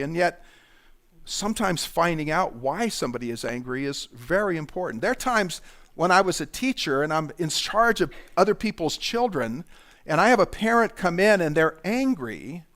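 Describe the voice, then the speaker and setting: Pastor, middle-aged man, slightly high voice, relaxed conversational sermon with asides. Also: normal speed. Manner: conversational preaching with asides and restarts.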